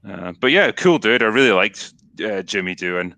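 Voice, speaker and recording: A man's voice: lowish voice, expressive, normal speed, creaky, sharp tone, no room sound. A Scottish man hosting a podcast, chatting casually about films in a blunt, rambling way and swearing now and then. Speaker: podcast host. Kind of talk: casual film discussion.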